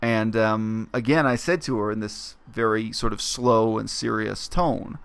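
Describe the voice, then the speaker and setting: A man talking through a story in a reflective, explanatory vlog monologue, with frequent pauses and fillers. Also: lowish voice, fairly even intonation, vocal fry, clean tone. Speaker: vlogger. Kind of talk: casual spoken monologue.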